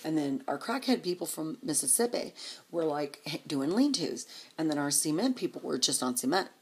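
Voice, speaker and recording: A woman's voice: deep voice, expressive, normal speed, slightly rough. A woman vlogger telling a rambling, profane story in a casual way, chuckling as she goes.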